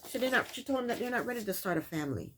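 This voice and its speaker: A woman's voice: on the high side, lively intonation, racing, slight background noise. A woman hosting a casual recap of a reality show, telling the events in her own words and scolding the people in it. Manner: sassy, scolds the people on screen.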